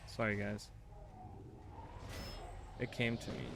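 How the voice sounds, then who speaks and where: A man's voice: on the low side, level tone, takes it slowly, vocal fry, heavy background noise. A man streaming a game live, chatting to his viewers in a casual, easily flustered and exasperated way. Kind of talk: casual livestream chat while gaming.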